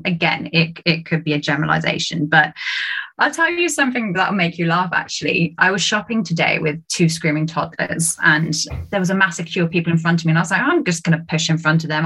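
A British woman chatting as a guest on a podcast, animated and laughing often, with a lot of high-pitched jumps when she quotes people. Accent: British English. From United Kingdom. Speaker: podcast guest, sales trainer. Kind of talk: casual podcast chat.

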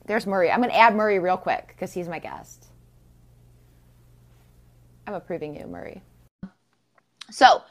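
A woman's voice: mid-range voice, a bit bright. A woman hosting an informal live-streamed podcast interview over a video call, chatty and bubbly with lots of fillers. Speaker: podcast host.

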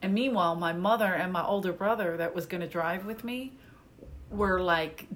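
A woman's voice: lowish voice, normal speed. A woman from Philadelphia, a comedian guest, telling stories in casual podcast chat and acting out the voices of the people in them. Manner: animated storyteller, acts out family voices.

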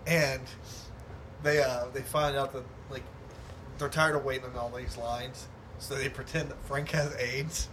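A man's voice: mid-range voice, measured pace, background noise. A man in casual chat, retelling funny scenes and laughing often. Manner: animated storyteller, laughs often.

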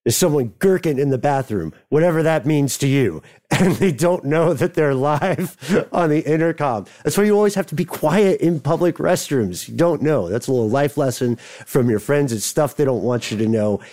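Jokey male talk show host, mellow voice. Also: fairly high pitch. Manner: jokey, animated, quick asides. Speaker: podcast host. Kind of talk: casual comedic talk show banter.

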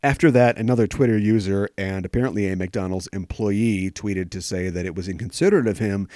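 A man's voice: on the low side, brisk, dark tone, no echo, clean studio sound. A man hosting a podcast, giving jokey commentary full of sarcastic asides. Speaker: podcast host.

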